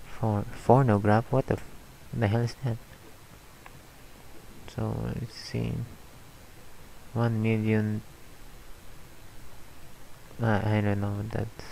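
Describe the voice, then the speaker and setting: A tired man talking over his gameplay in a slow, low drawl. His voice is gravelly and flat, and he mutters his asides. A faint hiss sits under the recording. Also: rough recording. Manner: mumbling asides, reads game text aloud. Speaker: let's play gamer. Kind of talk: casual gameplay commentary.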